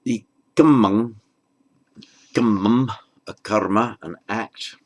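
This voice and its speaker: A man teaching the meaning of an old verse, patiently explaining each word after reciting it slowly. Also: lowish voice, a little mellow, low-quality recording. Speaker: Pali language teacher. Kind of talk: unhurried lesson on a verse.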